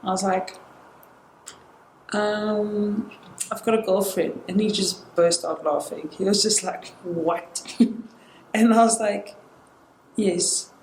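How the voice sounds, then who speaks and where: A woman's voice: mid-range voice, takes it slowly, pauses often. Woman telling a story in a roomy space. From South Africa. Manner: animated retelling that acts out quoted dialogue. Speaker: guest sharing a personal story. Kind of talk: casual conversational storytelling. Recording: roomy indoor sound with faint noise.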